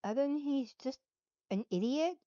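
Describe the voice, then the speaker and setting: A woman's voice: high voice, animated, normal speed, mellow, no echo. A woman hosting a casual live commentary, blunt and sarcastic. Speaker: host. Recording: dull dry lo-fi.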